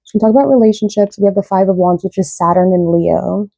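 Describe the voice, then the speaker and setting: A woman's voice: mid-range voice, steady tone, quick pace, creaky, warm tone, no room sound, dull audio. A young woman giving a casual, rambling tarot reading, often tagging her sentences with "right?". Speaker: tarot reader.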